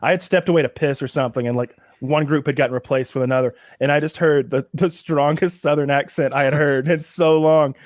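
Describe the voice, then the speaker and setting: Higher-voiced male co-host, dry sound. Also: steady tone, fairly quick, few pauses, dry recording. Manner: descriptive, explains in detail. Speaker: podcast co-host. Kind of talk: casual chat.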